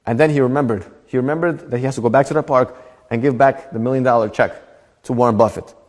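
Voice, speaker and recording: A man, a rabbi, telling a story in a Torah class in a lively storytelling manner. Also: mid-range voice, quick pace, in a large hall. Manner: animated storytelling with voiced characters.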